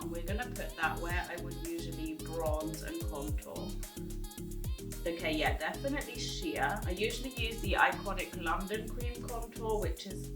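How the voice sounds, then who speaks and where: A woman giving a casual makeup review in a chatty, giggly way, rambling with fillers as she talks at her table. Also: on the low side. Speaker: beauty vlogger. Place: indoors at a table, echoey room. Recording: echoey room, voice from a distance, music behind.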